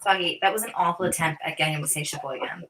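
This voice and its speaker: A woman's voice: on the low side, rapid-fire, bright, forceful tone, a little hiss or hum. A woman with a Northern US accent co-hosting a livestream, bantering playfully, teasing and tripping over words. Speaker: stream co-host.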